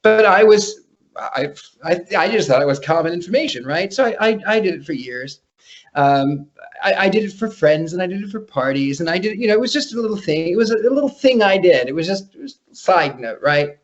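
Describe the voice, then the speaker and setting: An animated man tells stories with a fairly high voice, stumbling and repeating himself as he gets going. He is a guest on a podcast. The audio is dull and lo-fi. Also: brisk. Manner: animated, repeats words when starting sentences. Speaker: psychic guest. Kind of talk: casual storytelling interview.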